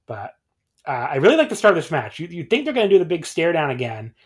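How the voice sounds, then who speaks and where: A man's voice: a little high, big pitch swings, quick pace, husky. Rambling man reviewing wrestling. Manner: rambling, filler-heavy, chuckling. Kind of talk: casual podcast chat.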